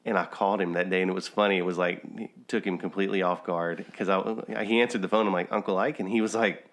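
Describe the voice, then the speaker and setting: Low-voiced man telling family stories. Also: steady tone, quick pace. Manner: storytelling, laughs at own jokes. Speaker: podcast host. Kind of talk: casual chat.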